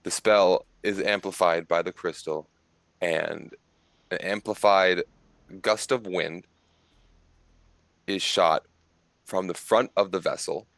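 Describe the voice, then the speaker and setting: A man narrating a tabletop game as game master, in a relaxed, conversational way with occasional fillers. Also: low voice, takes it slowly, vocal fry, long pauses, no echo.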